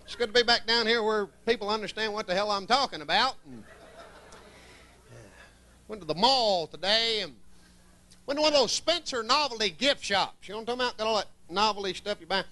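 Southern male stand-up comic, folksy and wisecracking, high bright voice. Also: animated, brisk, a little hiss or hum. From Columbus, Georgia, US. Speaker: stand-up comedian. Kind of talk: stand-up comedy set. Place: comedy club stage.

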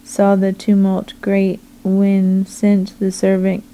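Woman reading a young male messenger, slow, flat, mellow. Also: mid-range voice. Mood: earnest.

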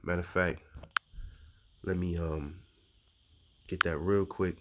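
A man's voice: deep voice, steady tone, takes it slowly, background noise. A man giving informal scripture teaching in a conversational way, reading verses aloud and adding frequent asides. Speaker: religious teacher.

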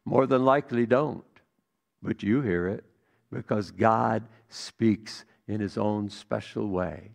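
Gravelly-voiced pastor preaching a sermon. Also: male voice, fairly low pitch, takes it slowly. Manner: storytelling, swings from hushed to emphatic.

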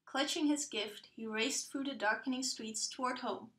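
A woman with a high, light voice reads a children's picture book aloud, gentle and unhurried. Her narration rings out in an echoey room. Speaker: storybook reader. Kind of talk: children's storybook read-aloud.

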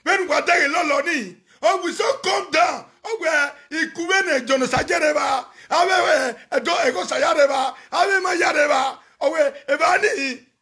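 Very high, sharp-voiced shouting Nigerian man. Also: moderate pace, few pauses. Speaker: social media personality on a live video. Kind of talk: animated live-stream rant and chanting.

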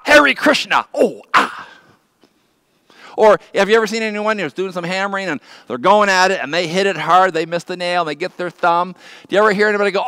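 Man, pastor, conversational sermon, high-pitched, dry close sound. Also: dry recording. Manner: conversational preaching, drops low and soft on key words. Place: church.

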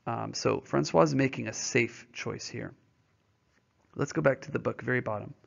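A man's voice: mid-range voice, expressive, a little slow, gravelly. A male teacher reading a novel aloud and explaining it to students in a patient, informal way, often checking their understanding with questions. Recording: dull lo-fi recording.

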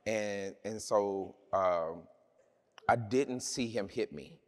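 A man's voice: on the low side, slow pace, heavy background noise. A man preaching a sermon, telling a personal story in a conversational, humorous way with many restarts.

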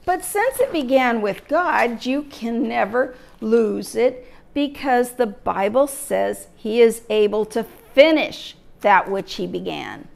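A woman teaching a church Bible lesson, emphatic and steady, asking her listeners rhetorical questions. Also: fairly high pitch, slow pace, gravelly.

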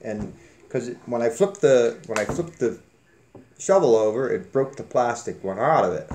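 A man's voice: medium pitch, animated, normal speed, darkish tone, a little hiss or hum. A man hosting a casual giveaway drawing on his channel, joking and rambling in a folksy way. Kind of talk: casual chat.

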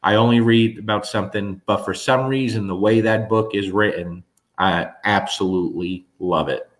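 A fairly low-pitched man speaks at a normal speed: a middle-aged New Jersey host telling stories to viewers in a casual chat. His delivery is animated and rambling, full of restarts.

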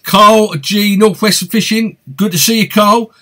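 Chatty high-voiced East London man. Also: fairly even intonation, a little slow, sharp tone. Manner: chatty and upbeat, greets viewers by name. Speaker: fishing channel host. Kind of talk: live stream Q&A, reading viewer comments.

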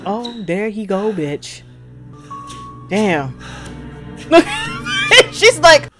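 A woman's voice: mid-range voice, wildly swooping pitch, drawn-out words, over music. A woman with hosting a casual reaction video, profane and emphatic, talking back to the screen. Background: drama audio playing underneath.

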